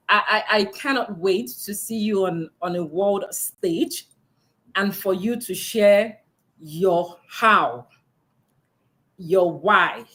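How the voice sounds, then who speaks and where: A woman's voice: medium pitch, a bit bright. A woman hosting a virtual book launch interview over a video call, encouraging and laughing often. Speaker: host.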